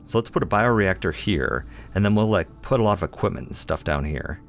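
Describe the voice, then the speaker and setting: A little fast and low-pitched, with lively intonation, a let's play host chats through his game over faint music. He's playful and self-deprecating, talking to himself and ribbing himself as he goes.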